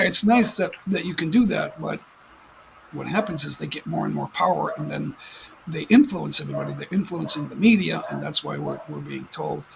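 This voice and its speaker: An American man chats loosely on his home livestream, his voice deeply gravelly and sitting slightly high for a man. He rambles, stops and restarts, and fills gaps with "um" and "uh". A faint hiss of room ambience sits behind him, and he is a little distant from the mic. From United States. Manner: rambling, halting with many fillers and restarts. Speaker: livestream host. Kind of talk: casual livestream chat. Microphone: desk mic at some distance.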